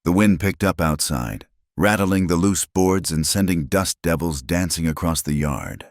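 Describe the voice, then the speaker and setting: A man narrating a western story in slow, measured scripted narration. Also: low-pitched, dry recording, studio quality.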